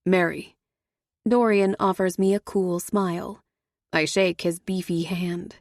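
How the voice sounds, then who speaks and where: A woman narrating a first-person audiobook thriller in a measured, wry way. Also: lowish voice, fairly even intonation, darkish tone, dry recording, studio quality.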